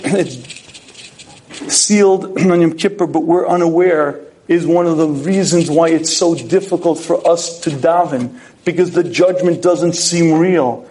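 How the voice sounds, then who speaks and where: A man speaking as a rabbi, giving a recorded Torah lecture, clearing his throat often and telling stories. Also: fairly high pitch, a little mellow, rough recording. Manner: frequent throat clearing, storytelling with acted quotes.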